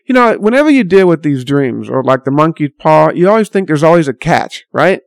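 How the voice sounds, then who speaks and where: A man telling a long story in a casual, rambling way, stopping and restarting his sentences often. His voice sits somewhat high and has a strong gravelly rasp. The sound is dry and close. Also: lively intonation, quick pace, few pauses, dry recording. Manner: rambling, lots of fillers and restarts. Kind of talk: casual spoken monologue.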